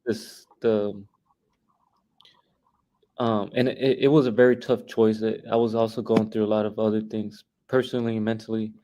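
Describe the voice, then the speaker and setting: Halting young man, casual, plain voice. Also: lowish voice, level tone, warm tone, poor audio. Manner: halting, many restarts and fillers. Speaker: teacher guest. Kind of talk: casual interview talk.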